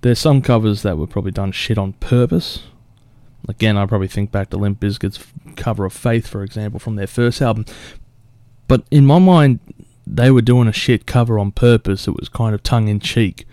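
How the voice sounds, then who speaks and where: A man's voice: on the low side, normal speed, mellow, no room sound. A man casually reacting to a song cover, blunt and swearing often, with short laughs. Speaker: music reaction host.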